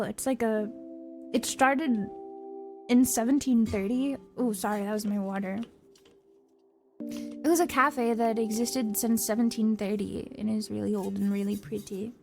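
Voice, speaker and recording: Young woman streamer, really high voice, giggly and sweary, chatting away casually. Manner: animated, giggly storytelling with frequent swearing. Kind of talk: casual chat.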